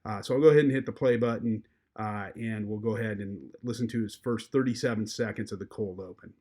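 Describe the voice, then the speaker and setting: Relaxed man talking through a software tutorial. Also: on the low side, a little fast. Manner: relaxed, with frequent fillers. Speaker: journalism instructor. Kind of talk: screen-recorded software tutorial.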